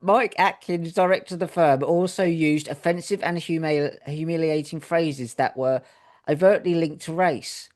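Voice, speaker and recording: A man's voice: a little high, fairly even intonation, normal speed, darkish tone. A man from Britain co-hosting a podcast, reading news stories aloud with jokey asides. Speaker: podcast co-host.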